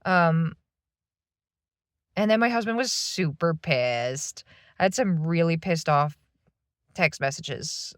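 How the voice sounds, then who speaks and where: A woman's voice: low-pitched, lively intonation, slow, pauses often, no room sound, clean studio sound. A woman in her thirties venting in a rambling, swearing monologue from a parked van. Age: 30s. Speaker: vlogger.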